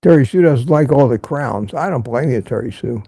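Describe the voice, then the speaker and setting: Gravelly older man, opinionated host. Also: medium pitch, lively intonation, moderate pace, mellow, dry recording. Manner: opinionated, emphatic repetition. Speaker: livestream host. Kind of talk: casual chat reading viewer comments.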